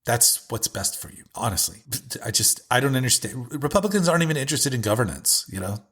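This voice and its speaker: A man's voice: mid-range voice, lively intonation, quick pace, fairly bright tone, slightly rough. A middle-aged man hosting his own podcast, talking in a casual, rambling monologue full of restarts and asides. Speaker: podcast host.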